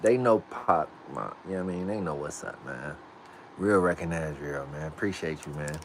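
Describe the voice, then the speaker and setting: A man's voice: very deep voice, lively intonation, moderate pace, slight background noise. A man casually chatting on a livestream, laid-back and using street slang as he practices pronouncing words aloud. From United States. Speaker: livestream host.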